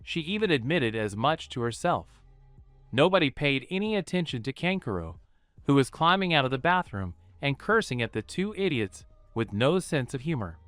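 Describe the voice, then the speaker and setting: A man narrating a fan fiction story in an even storytelling read. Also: mid-range voice, moderate pace, no echo, faint music behind.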